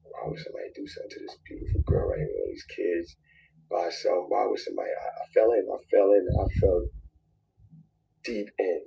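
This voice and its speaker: A man's voice: low-pitched, big pitch swings, a little fast, creaky, highs cut off, slight background noise. A man telling an emotional personal story in a played clip, repeating phrases and dropping to near whispers.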